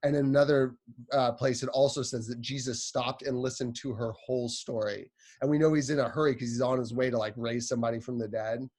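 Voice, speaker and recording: A man's voice: medium pitch, fairly even intonation, a little fast, a little mellow. A man giving a casual, chatty sermon, retelling a story with a playful, conversational manner.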